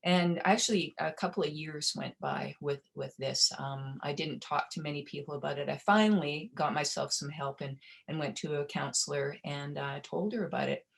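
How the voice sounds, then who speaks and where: A middle-aged woman presenting a webinar, telling a personal story in a gentle, heartfelt way with small restarts, over a video call. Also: sits low, moderate pace, vocal fry, few pauses. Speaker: webinar presenter on provider well-being.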